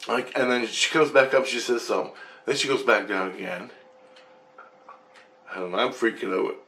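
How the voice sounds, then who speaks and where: Low-voiced man excitedly rambling through a dream story. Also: moderate pace. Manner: rambling and excitable, swearing freely. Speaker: vlogger.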